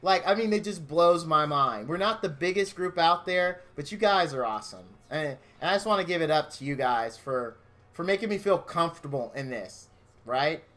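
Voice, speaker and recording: A man's voice: fairly high pitch, lively intonation, normal speed, fairly bright tone. A man streaming from his home game room, chatting casually with viewers in a gushing, openly emotional, rambling way.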